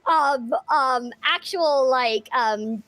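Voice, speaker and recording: A young woman guesting on a live stream, telling stories in a bubbly, rapid way. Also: high-pitched, fairly bright tone, dry recording. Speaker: voice actress guest. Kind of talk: casual live-stream chat.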